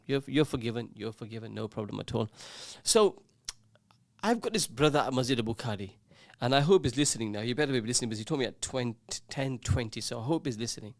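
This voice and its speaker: An English man presents a casual radio show from a studio, chatting, teasing his co-host and reading out listener messages. His medium-pitched voice comes through a studio microphone in studio quality, with no room sound.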